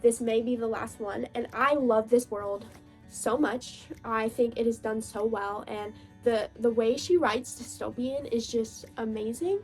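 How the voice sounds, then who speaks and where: A woman's voice: a little high, fairly even intonation, a little slow, a little mellow, soft background music. A woman talking casually and enthusiastically about books she has been reading, thinking aloud as she goes. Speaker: book vlogger. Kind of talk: casual book review chat.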